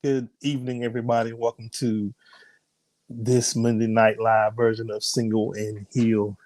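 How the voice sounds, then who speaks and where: A man with a mid-range, slightly mellow voice speaks in a level tone at a moderate pace, sounding strained because he is sick. As host and minister of a live-streamed broadcast, he chats, greets viewers by name, then turns to prayer and preaching, without echo.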